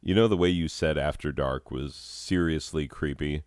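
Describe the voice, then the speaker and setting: A man's voice: extremely low pitch, steady tone, moderate pace, a little mellow, no room sound, studio quality. A man hosting a comedy show who also teaches drama, riffing with sardonic, self-deprecating asides.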